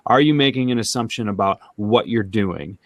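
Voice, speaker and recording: A man co-hosting a sales talk show, chatting casually in an animated way and thinking out loud. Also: fairly low pitch, moderate pace, no room sound. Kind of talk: casual conversational chat.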